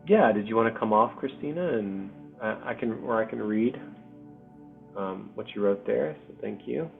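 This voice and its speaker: A man hosting a spiritual community video call, speaking softly and hesitantly with many pauses and ums. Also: lowish voice, lively intonation, vocal fry. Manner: soft-spoken, hesitant, full of pauses and ums. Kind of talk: heartfelt spiritual community talk. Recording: tinny call audio with faint music.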